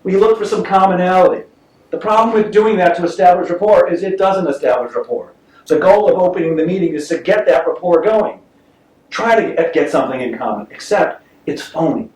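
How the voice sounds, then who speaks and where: A man, a sales trainer, giving a lively seminar talk to inventors and quizzing the audience with enthusiasm. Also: fairly high pitch, fairly quick. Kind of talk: live seminar talk with audience back-and-forth. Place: meeting room, heard from across the room. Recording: echoey room, far-off mic, faint hiss.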